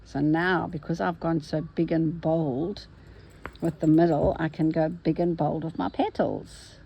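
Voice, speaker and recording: Gravelly-voiced woman chatting while stitching. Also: sits low, fairly even intonation, unhurried, mellow, a little hiss or hum, low-quality recording. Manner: cheerful, talks to herself while stitching. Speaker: embroidery vlogger. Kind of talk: chatty stitching vlog narration.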